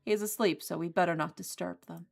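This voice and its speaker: A woman's voice: on the low side, fairly even intonation, fast talker, creaky, soft background music. A woman voicing a tired, fretful professor in a visual novel game, scolding and worn out. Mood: weary. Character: weary, fretful professor caring for creatures.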